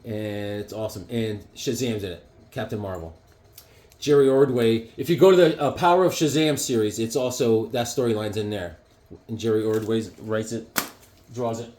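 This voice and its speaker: A man talking casually and excitedly, rambling through his collection with lots of fillers and restarts. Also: lowish voice, moderate pace, slight background noise. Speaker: comic book collector reviewing issues. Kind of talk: casual show-and-tell vlog.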